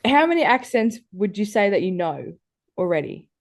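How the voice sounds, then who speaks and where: A woman's voice: mid-range voice, very animated, normal speed, a little mellow, no echo, studio quality. A woman hosting a podcast interview, asking her questions in a plain, casual way. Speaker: podcast host.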